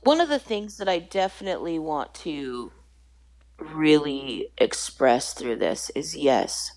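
On a podcast, a guest in her forties with a low, deep voice shares a personal faith story at a slow pace. She tells it animatedly, voicing the other people involved, though the recording quality is low.

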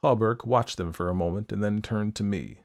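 A man narrating a first-person audiobook at a measured pace. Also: fairly low pitch, darkish tone.

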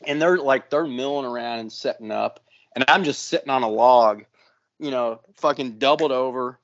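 A man hosting a podcast, telling a long story in a casual, profane, animated way. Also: mid-range voice, normal speed, lo-fi sound. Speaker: podcast host.

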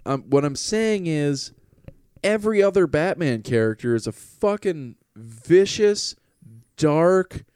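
A man's voice: on the high side, expressive, slow, a little mellow, smooth, dry recording, clean studio sound. A man chatting casually as a podcast co-host, swearing freely as he talks. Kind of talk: casual chat.

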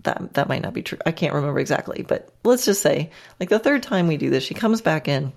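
A woman's voice: low voice, expressive, fairly quick, creaky, a little mellow. A woman podcast host and riding instructor telling a casual, chatty story with self-deprecating humor and frequent laughs.

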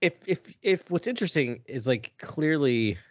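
A man's voice: fairly high pitch, moderate pace, no echo. A man co-hosting a podcast in casual chat, restarting his sentences as he goes. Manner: animated, restarts mid-thought. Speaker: podcast co-host. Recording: dry, muffled sound.

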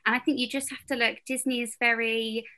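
A young English woman chatting as a podcast guest, bubbly and animated and often laughing. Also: a little high, brisk. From England. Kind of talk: casual chat.

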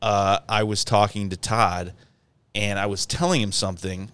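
A man co-hosting a podcast, telling stories and reading questions in quick, casual chat. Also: fairly low pitch, steady tone, a bit bright, clean tone. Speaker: podcast co-host.

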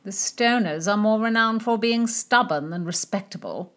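A woman's voice: medium pitch, moderate pace, fairly bright tone, voice pushed up, lightly acted. A woman voicing an arrogant, mocking young nobleman in a storybook reading. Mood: haughty.

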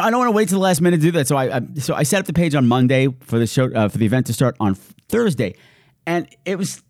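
A man's voice: on the high side, darkish tone, no room sound, clean studio sound. A man hosting his podcast, reading out thank-yous in a playful, giddy way with hammy announcer flourishes. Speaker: podcast host. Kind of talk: casual thank-you shout-outs.

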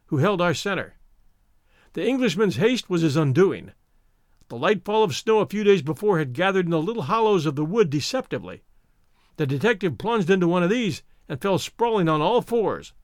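A man narrating a novel in a steady, expressive reading. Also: high-pitched, no room sound, studio quality. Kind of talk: audiobook narration.

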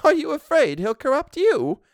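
A simple, soft-hearted old housekeeper, put on by a male reader, her voice lifted high and quavering with feeling. She drags out her words when she is upset. The sound is close and dry, with no room around it. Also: wildly swooping pitch, dry recording, heavily acted. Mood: bold. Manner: high, soft, emotional voice, often slowed. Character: older female housekeeper, simple, tender-hearted, tearful. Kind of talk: audiobook reading of a classic story.

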